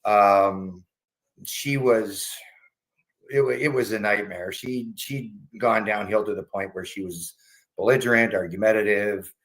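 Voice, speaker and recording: A middle-aged man from Canada telling a casual family story in an animated way, swearing casually and acting out the voices he quotes. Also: on the low side, a little slow, low-quality recording. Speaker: guest telling a patient story.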